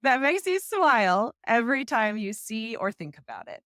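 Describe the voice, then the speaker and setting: A woman's voice: on the high side, sing-song, moderate pace, no room sound, clean studio sound. A woman hosting an interview, reacting with laughter and thanking her guest. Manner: warm reactions, laughs along. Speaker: interview host. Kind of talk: casual interview.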